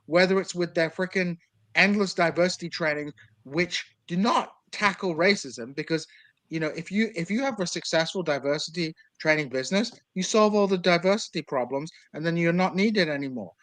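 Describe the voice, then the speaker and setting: A man of Kurdish background argues politics in long, winding stretches, full of fillers and restarts. His voice sits a little high for a man. The sound is dry and close, with no room around it. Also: moderate pace, fairly bright tone, no echo, rough recording. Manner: discursive, argumentative, many fillers. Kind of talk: casual political discussion.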